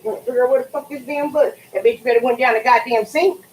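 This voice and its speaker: A woman's voice: a little high, fast talker, reverberant, a little hiss or hum, low-quality recording. A woman talking casually and swearing freely while cleaning greens at her kitchen sink for a cooking vlog. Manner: animated, profane, swears freely. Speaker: cooking vlogger.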